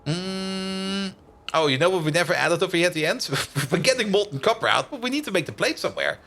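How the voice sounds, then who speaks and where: A man's voice: sits high, expressive, a little fast, fairly bright tone, slight background noise. A man giving casual, rambling commentary as he streams a building game, thinking aloud and chatting with viewers, full of "like" and "uh". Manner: thinks aloud while building, answers chat.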